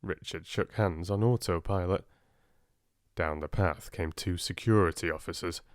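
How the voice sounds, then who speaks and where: A man calmly narrating a relaxing audiobook for sleep, close to the mic. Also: low voice, moderate pace, no echo.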